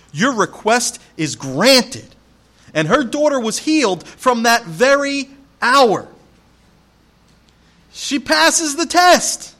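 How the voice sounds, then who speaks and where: A male pastor preaching with an animated, emphatic delivery. His fairly high voice leaps and drops as he tells a story and speaks straight to the congregation. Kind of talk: sermon.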